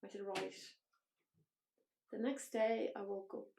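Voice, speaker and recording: A woman's voice: mid-range voice, flat delivery, slow pace, vocal fry, warm tone, echoey room. An Irish woman, a podcast guest, recounting her own story bluntly and emotionally, with frank swearing. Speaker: interview guest. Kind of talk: personal storytelling in a podcast interview.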